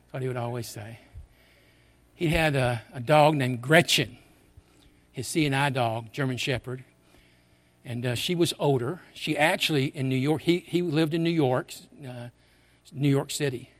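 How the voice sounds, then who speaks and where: A man's voice: medium pitch, moderate pace. An older man shares a memory from the pulpit, earnest and conversational. He often restarts his phrases as he tells his story, in a mid-range voice. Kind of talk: personal storytelling.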